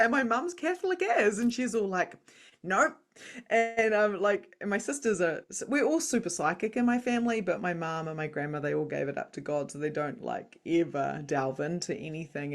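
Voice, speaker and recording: A woman in her thirties, a spiritual coach and psychic medium, talking candidly in an interview over a video call, animated and jumping between loud quoted voices and soft low asides.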